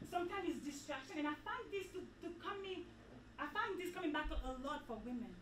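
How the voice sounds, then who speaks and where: A high-voiced woman gives a motivational talk to a women's retreat, animated and preachy and fond of repeating herself. She sounds a little off-mic in an echoey hall with faint room noise. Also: fast, recorded from a distance. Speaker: retreat speaker. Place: event hall.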